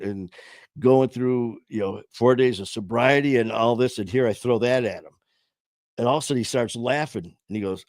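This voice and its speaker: A man's voice: medium pitch, darkish tone, no room sound. A man hosting a sobriety support livestream, telling a story to his viewers in a casual, earnest way, rambling with frequent restarts and fillers. He speaks from a small home studio.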